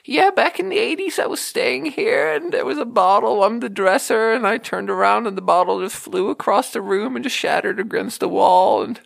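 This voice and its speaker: A man doing a high, breathless old lady. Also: moderate pace, creaky, few pauses, fairly bright tone, no echo, exaggerated voice. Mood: earnest. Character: chatty elderly woman hotel guest telling ghost tales.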